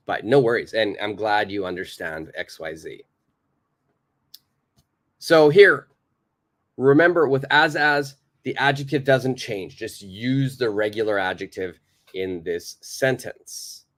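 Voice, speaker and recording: A man teaching an English grammar lesson in a live online class, explaining slowly and patiently, repeating key points and answering viewer questions. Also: fairly low pitch, fairly bright tone.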